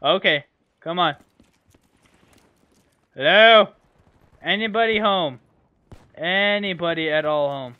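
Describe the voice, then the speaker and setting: A man giving excitable live commentary over his own gameplay into a computer microphone, swearing, yelling at opponents and stumbling over his words. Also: a little high, unhurried, pauses often, slight background noise. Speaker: gamer.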